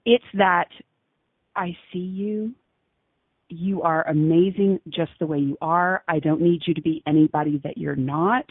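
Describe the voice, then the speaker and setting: A woman's voice: fairly low pitch, fairly even intonation, a little slow, dry recording. Giggly woman on a tinny phone line. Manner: laughs often, gushing and breathy. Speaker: radio show guest. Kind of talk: giggly casual chat.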